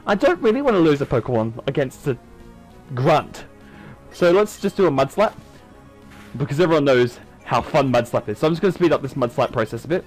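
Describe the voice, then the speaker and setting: A man's voice: fairly high pitch, big pitch swings, brisk, soft background music, poor audio. A man doing casual let's-play commentary on a video game, chatty and self-mocking. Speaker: gaming YouTuber.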